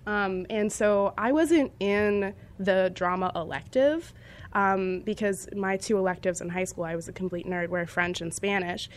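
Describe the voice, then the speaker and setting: A woman's voice: medium pitch, measured pace. A young woman chatting casually about her creative background and telling stories with lots of energy. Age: young adult. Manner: chatty, animated storytelling with frequent laughs. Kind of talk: casual chat.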